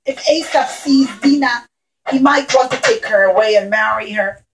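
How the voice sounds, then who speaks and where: A woman voicing a gentle, worried father figure in a children's puppet show, speaking softly and pleading. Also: on the high side, moderate pace, natural voice. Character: gentle worried grown man Yaakov.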